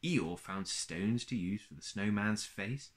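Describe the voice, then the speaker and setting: A man reading a children's story aloud in a gentle, expressive way. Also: on the low side, slow pace.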